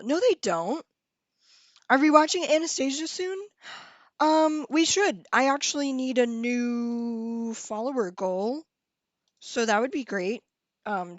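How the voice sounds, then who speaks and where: Giggly high-voiced young woman streamer. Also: no room sound, muffled recording. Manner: giggly, chatty, reads chat aloud. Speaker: live streamer. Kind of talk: casual live-stream chat.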